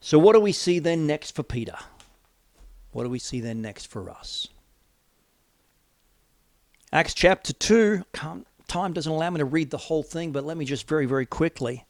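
A middle-aged male preacher with a somewhat high voice delivers a sermon. He swings between loud, emphatic declarations and soft, near-whispered asides. The recording is close and dry. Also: animated, moderate pace, pauses often, dry recording.

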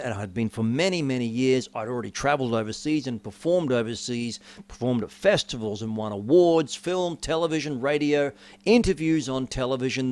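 A middle-aged man preaching a personal testimony. He tells his story with sweeping changes, rising high and loud, then dropping to near hush. His pitch sits in an ordinary male middle range. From Australia. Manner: storytelling with dramatic swings in pitch and volume. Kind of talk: sermon testimony.

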